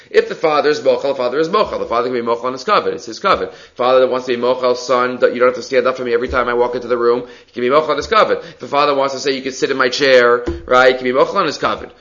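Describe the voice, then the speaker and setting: A man's voice: medium pitch, racing, few pauses, a bit bright. A man teaching a Talmud class, reading Aramaic lines aloud and explaining them in casual English. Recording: slightly dull lo-fi recording.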